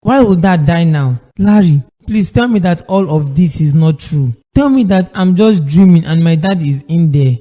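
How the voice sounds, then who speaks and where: A man's voice: on the high side, lively intonation, normal speed, hardly any pauses, mellow, close to an everyday voice. An actor playing a distressed young man pleading over his father. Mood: grieving. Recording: long hall reverb.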